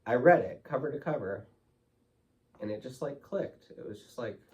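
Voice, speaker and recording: A man's voice: medium pitch, animated, moderate pace, recorded from a distance. A man speaking as a guest in an interview, telling his story candidly and emotionally, loose with fillers like "like" and "you know".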